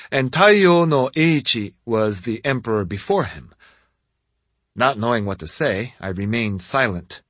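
A husky male narrator reading a first-person story at an unhurried pace. His pitch moves expressively through the lines, and the recording is dry and close with no room sound. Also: a bit bright, no echo. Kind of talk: scripted audiobook narration.

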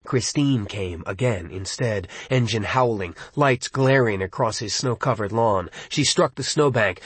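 A man reading a suspenseful novel aloud as an audiobook, in a measured, dramatic storytelling style. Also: medium pitch, breathy edge, no echo. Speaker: audiobook narrator.

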